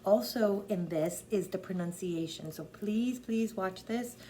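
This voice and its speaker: A woman's voice: mid-range voice, a little slow, dark tone, a little hiss or hum. A woman working as a drama teacher, coaching an actor on a part with emphatic, repeated instructions. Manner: emphatic, repeats key points.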